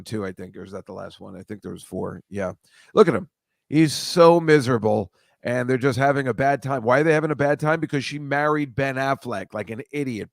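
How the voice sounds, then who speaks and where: A man's voice: medium pitch, vocal fry, no room sound, studio quality. A man hosting a casual comedy chat show, rambling and self-deprecating, stammering and restarting as he goes. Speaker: host.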